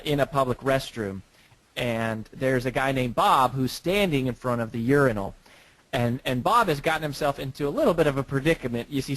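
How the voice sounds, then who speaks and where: A man's voice: mid-range voice, a bit bright, no room sound, low-quality recording. Dry-sounding man telling a story. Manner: storytelling, repeats words when starting. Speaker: guest author. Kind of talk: casual interview talk.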